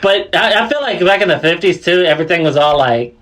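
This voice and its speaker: Crude, joking man with a higher voice. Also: animated, a little fast, fairly bright tone. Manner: crude, profane joking with many fillers. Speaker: podcast co-host. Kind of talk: casual chat.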